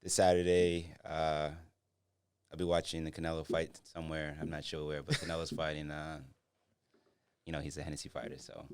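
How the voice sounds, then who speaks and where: Deep-voiced man in his forties. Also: monotone, a little fast, clear, resonant tone, dry recording. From Boston. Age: 40s. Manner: easygoing, agreeable, laughs often. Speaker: podcast guest. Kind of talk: casual interview chat.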